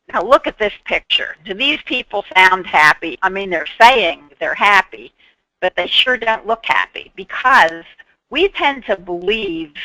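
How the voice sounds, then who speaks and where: A woman's voice: medium pitch, bright, forceful tone, no echo, poor audio. A woman presenting an instructional webinar on patient care, explaining through worked examples and briefly acting out what people might say.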